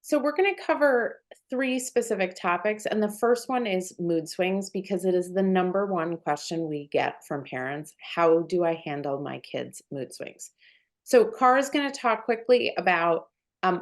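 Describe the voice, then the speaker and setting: Animated woman giving parenting advice. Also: mid-range voice. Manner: animated, acts out everyday scenes. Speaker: puberty educator. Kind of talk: parenting talk.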